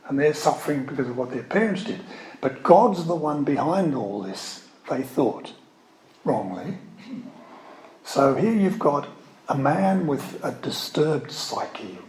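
A man's voice: medium pitch, expressive, measured pace, darkish tone. A man preaching a sermon in a conversational way, with wry asides and emphatic readings of scripture. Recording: echoey room, faint ambient noise.

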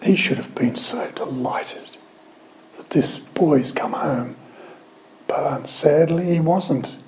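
A man preaching a sermon in a relaxed, mellow tone that sits a little higher than most men's. He talks in a lively, storytelling way, breaking off to question his listeners. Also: slow pace, slight background noise, low-quality recording. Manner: lively storytelling, reads scripture with asides.

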